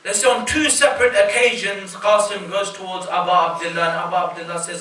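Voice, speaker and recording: Man, UK, mourning sermon, emotive, bright tone, far from the mic, faint room hum. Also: sits high, fairly even intonation, brisk. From United Kingdom. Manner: emotive, addresses the crowd as brothers and sisters. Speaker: religious reciter. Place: mosque hall. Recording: echoey hall, distant mic, faint noise.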